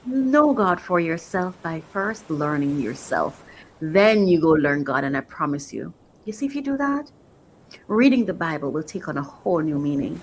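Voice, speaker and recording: A woman's voice: fairly high pitch, lively intonation, normal speed, a little hiss or hum, poor audio. A woman coach giving an emotional, motivational faith talk, repeating phrases for emphasis. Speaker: faith-based life coach.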